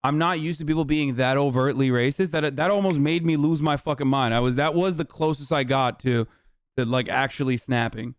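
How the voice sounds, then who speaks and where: A man's voice: mid-range voice, a little fast, smooth, dry recording, clean studio sound. A male livestreamer ranting heatedly and profanely at his chat.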